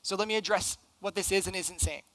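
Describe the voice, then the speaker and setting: A man with a fairly high voice preaches to a young adult congregation, earnest and emphatic, leaning on rhetorical questions. The sound is dry and close, with little room echo. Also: fast talker, bright, forceful tone. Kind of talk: sermon.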